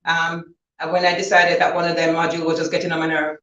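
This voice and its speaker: A woman's voice: sits low, fast. Chatty woman thanking guests in echoey hall. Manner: chatty, laughing, animated storytelling. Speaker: author thanking guests at book launch. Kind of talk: informal thank-you speech at an event. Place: event hall. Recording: dull, roomy, from far off.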